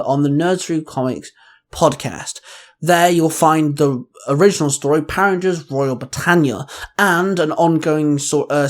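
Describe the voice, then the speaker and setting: A man hosting his own channel and reading his fan fiction aloud at a measured pace. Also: on the high side. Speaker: host and fan fiction reader.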